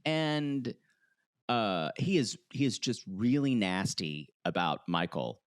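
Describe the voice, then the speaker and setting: A man's voice: lowish voice, slow, clear, resonant tone, dry recording, studio quality. A man co-hosting a podcast, recapping a reality show in casual chat and acting out what people said. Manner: animated, acts out quotes in voices. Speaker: podcast co-host.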